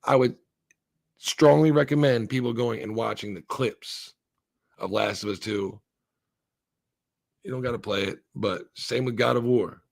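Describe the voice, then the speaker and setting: A man's voice: mid-range voice, measured pace, creaky, pauses often. A man co-hosting a live stream, ranting casually with lots of swearing and restarts. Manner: profane, rambling rant with many restarts. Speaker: stream co-host.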